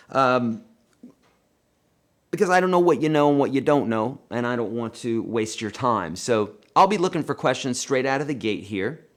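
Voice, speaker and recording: A man hosting a live guitar lesson and Q&A, chatty and animated, talking to viewers as friends and reading their questions aloud. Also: mid-range voice. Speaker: guitar teacher hosting a livestream.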